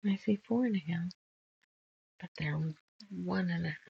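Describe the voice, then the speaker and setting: A woman's voice: on the low side, moderate pace, gravelly, breathy edge, highs cut off. A woman hosting a casual sew-along, muttering measurements and chatting while she sorts fabric pieces. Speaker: quilting channel host.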